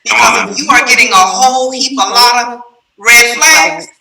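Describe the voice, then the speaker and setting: A woman hosting a casual talk about marriage, telling a story in an animated way and laughing as she tells it. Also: fairly high pitch, normal speed, creaky, echoey room, recorded from a distance, poor audio. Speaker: host.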